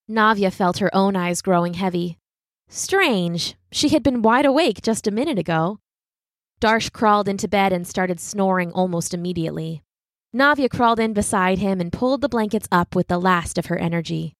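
A woman narrating a children's storybook in an expressive, animated way. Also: mid-range voice, normal speed, no echo, clean studio sound.

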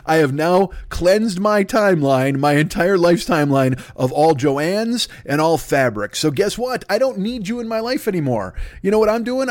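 A man's voice: high-pitched, no room sound, clean studio sound. A man in his fifties ranting alone at a desk, rambling, exasperated and full of swearing. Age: 50s. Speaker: podcast host. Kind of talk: solo comedic rant.

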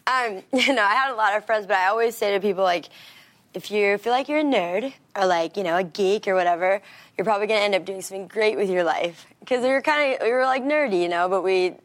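A woman's voice: medium pitch, fast. A woman talk show guest chatting casually, laughing as she talks, with lots of "like" and "you know". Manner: chatty, laughing, filler-heavy. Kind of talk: casual chat.

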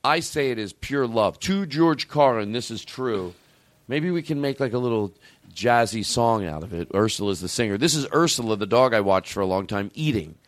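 Animated, rambling male comedy host. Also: mid-range voice, moderate pace, dry recording. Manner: rambling, profane, excitable storytelling. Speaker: podcast host. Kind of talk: casual comedy podcast chat.

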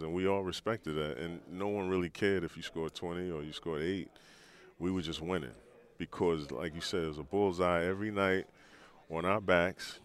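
A man in his sixties, a former pro athlete, telling stories in a podcast interview with a relaxed, rambling manner. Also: deep voice. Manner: relaxed, rambling, frequent restarts and laughs. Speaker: former pro basketball player, guest.

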